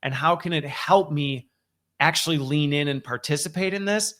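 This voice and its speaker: A man's voice: a little high, moderate pace, fairly bright tone. Conversational man hosting a weekly update. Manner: conversational, emphatic, frequent restarts and "like". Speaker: host of a weekly update show. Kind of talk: casual solo commentary.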